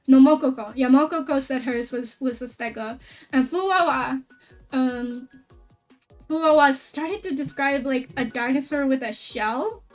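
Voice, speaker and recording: A woman VTuber streamer chatting casually, excitable and rambling, with a lot of "like" fillers. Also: high-pitched, a little slow, recorded from a distance, faint music behind. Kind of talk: casual stream chat recap.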